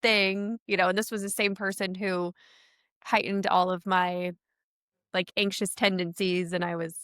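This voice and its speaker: A woman's voice: medium pitch, flat delivery, unhurried, fairly bright tone, clean tone, dry recording, clean studio sound. A woman hosting a podcast, asking reflective questions in a searching, casual way. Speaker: podcast host. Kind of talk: conversational podcast interview.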